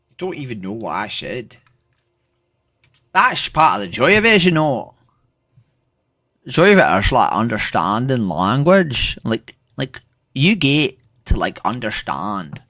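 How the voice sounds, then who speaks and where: A man's voice: fairly low pitch, a bit bright. A man with an Irish accent, casually chatting with strangers on a livestream, rambling with lots of filler words and swearing. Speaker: streamer.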